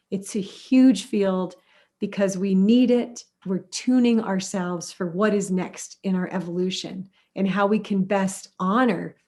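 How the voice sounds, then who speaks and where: A middle-aged woman music therapist answering interview questions in an animated, storytelling way, acting out little quotes. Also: mid-range voice.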